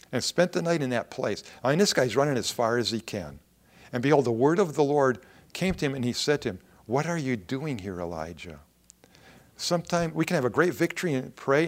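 A man preaching a sermon, reading Bible verses aloud and commenting in plain everyday words, swinging between loud emphatic lines and quiet low asides.

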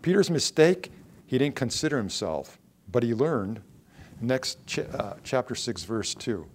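A man preaching to a congregation, reading verses and then explaining them. His voice sits at an ordinary pitch. He swings between forceful emphasis and soft, quiet asides. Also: big pitch swings, measured pace. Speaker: pastor. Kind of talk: sermon.

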